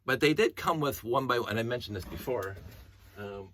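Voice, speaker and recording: A middle-aged man excitedly showing toy pieces from his collection, talking in a rambling way with many restarts and tangents. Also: medium pitch, normal speed, heavy background noise. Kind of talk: casual show-and-tell vlog.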